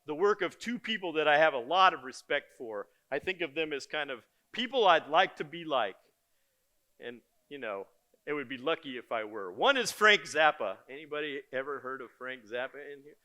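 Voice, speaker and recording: An older man giving a conference keynote, telling stories in a lively, joking and blunt way. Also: on the high side, moderate pace. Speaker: keynote speaker. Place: conference stage before an audience.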